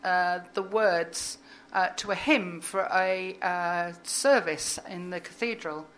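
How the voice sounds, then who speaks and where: A woman poet reading her poem aloud, then chatting as a guest in a halting way with frequent fillers. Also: fairly low pitch, fairly bright tone. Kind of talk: poetry reading and casual interview chat.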